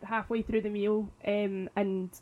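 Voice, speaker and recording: A woman's voice: mid-range voice, little pitch movement, measured pace, narrow, tinny audio. Chatty woman in her thirties with a lisp. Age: 30s. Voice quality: slight lisp. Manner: chatty storyteller, many restarts and laughs. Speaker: podcast co-host. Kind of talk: casual chat.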